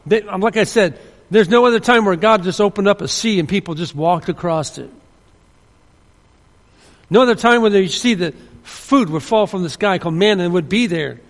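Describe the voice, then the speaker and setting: High gravelly preacher man, echoing hall. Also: moderate pace. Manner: earnest, emphatic, with frequent restarts. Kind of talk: sermon. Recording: long hall reverb.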